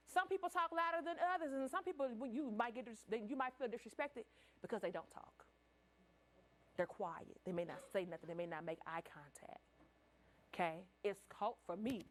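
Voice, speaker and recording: A woman presenting to educators in a large room on a handheld mic, direct and animated, telling stories with asides to the audience. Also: medium pitch, slight background noise. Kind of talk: conversational workshop talk. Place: large room at a professional development event. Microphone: handheld microphone.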